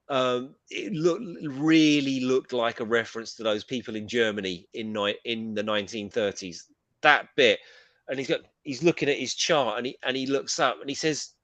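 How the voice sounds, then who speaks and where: A man's voice: mid-range voice, moderate pace, no room sound. Rambling British man, dry sound. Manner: rambling, animated, casual swearing. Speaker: co-host. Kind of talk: casual pop culture chat.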